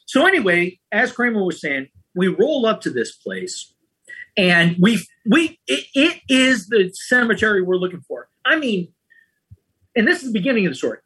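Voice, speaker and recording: A husky-voiced man hosting a casual chat, telling a story in a lively, chatty way. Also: high-pitched, moderate pace. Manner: lively, chatty, often adds "right?" and "man".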